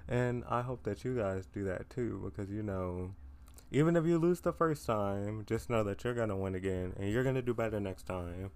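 A man's voice: fairly low pitch, normal speed, darkish tone, smooth. A teenage young man hosting his own podcast, talking casually and tiredly, rambling with lots of fillers and self-deprecating asides. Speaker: podcast host. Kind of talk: casual solo chat.

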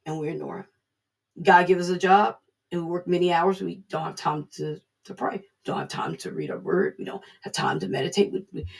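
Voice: mid-range voice, vocal fry, darkish tone, breathy edge. A speaker giving an informal devotional talk, earnest and repeating key phrases for emphasis.

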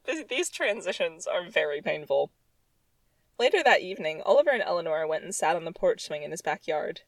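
A woman's voice: on the low side, very animated, a little fast, dry recording, poor audio. A woman reading her own childhood story aloud, with sarcastic, exasperated comic asides. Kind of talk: comedic reading with commentary.

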